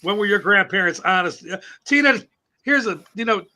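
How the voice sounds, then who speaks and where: A man's voice: high-pitched, lively intonation, moderate pace, pushed and bright. A man in his fifties co-hosting a radio talk show, telling a laughing family story with acted-out quotes. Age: 50s. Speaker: radio co-host. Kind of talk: casual radio chat.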